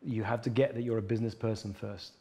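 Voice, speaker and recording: A man talks as a coach in an interview, earnest and emphatic, driving his points home. His voice is mellow and warm. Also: lowish voice, steady tone, fast talker. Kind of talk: conversational interview.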